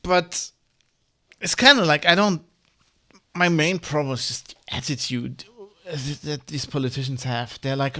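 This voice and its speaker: Gravelly man ranting in a vlog. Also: a little high, unhurried, fairly bright tone, dry recording, studio quality. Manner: rambling, heated, swears, many restarts. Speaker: vlogger. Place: Germany.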